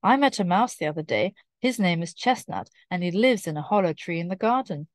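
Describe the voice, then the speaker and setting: A woman voicing a small, excitable young male mouse in a storybook, eager and pleading. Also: lowish voice, a little fast, no room sound, studio quality.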